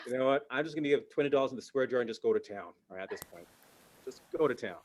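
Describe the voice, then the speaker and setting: A man's voice: mid-range voice, expressive, racing, a little mellow. A man performing stand-up comedy over a video call, telling stories animatedly and jumping into character voices.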